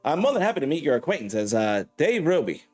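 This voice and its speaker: A man's voice: fairly high pitch, big pitch swings, quick pace, darkish tone, soft background music. A man playing a character in a tabletop role-playing game, speaking formally and evasively. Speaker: player.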